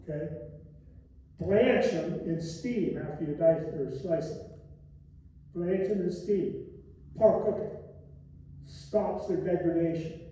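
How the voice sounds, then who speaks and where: A man's voice: a little high, slow pace, long pauses, warm tone, slight background noise. An older man giving a live masterclass talk on restaurants, blunt and folksy, telling stories with salty asides. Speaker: restaurant expert speaker. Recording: echoey hall, speaker far from mic.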